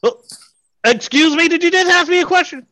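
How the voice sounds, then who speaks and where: A man's voice: extremely high pitch, fairly quick, background noise. An actor playing a tyrannical male hardware-store boss in an improv comedy scene, barking sarcastic orders. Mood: bossy.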